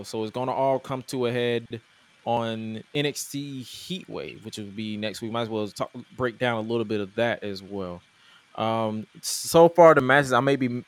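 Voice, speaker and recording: Man, podcast co-host, casual wrestling chat, mid-pitched voice, joking rambling delivery. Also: clean tone. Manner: loose, joking, rambling with restarts.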